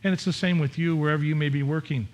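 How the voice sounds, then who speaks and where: A man's voice: on the high side, steady tone, fast talker. A middle-aged man preaching a sermon as pastor, candid and conversational, with frequent restarts and repetitions.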